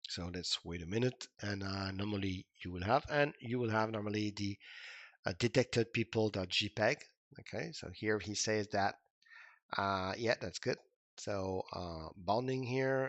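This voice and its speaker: A man's voice: fairly low pitch, creaky, dry recording, lo-fi sound. Man narrating a coding tutorial. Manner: informal, thinking aloud with frequent fillers and restarts. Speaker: instructor. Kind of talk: screen-recorded coding tutorial.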